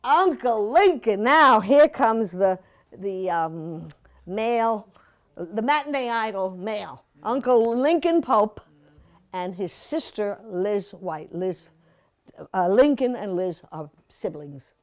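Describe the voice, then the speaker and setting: A woman in her seventies gives a museum audience a chatty, playful slide-show talk as a guest speaker, laughing and tossing in asides. Her mid-range voice is expressive, and she takes things slowly.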